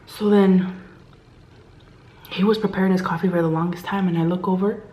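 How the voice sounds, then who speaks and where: A woman vlogger with a lowish voice tells a work story at normal speed, with long pauses and slight background noise in an echoey room. She's chatty and animated as she acts out what people said to her, dropping to a hushed whisper at tense moments.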